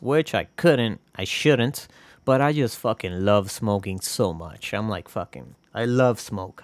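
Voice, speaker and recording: In a casual solo monologue on his own podcast, a man rambles with plenty of swearing and jokey asides. His voice is medium-pitched, and the recording is dry.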